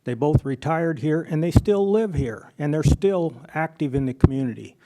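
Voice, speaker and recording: A man's voice: on the high side, animated, moderate pace, mellow. A man running for school board, answering in a plain-spoken, hesitant way with false starts, in council chambers. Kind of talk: candidate forum answer.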